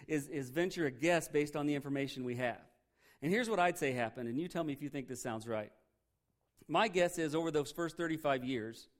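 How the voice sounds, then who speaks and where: A male pastor preaching a conversational sermon, emphatic and full of rhetorical questions. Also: high-pitched.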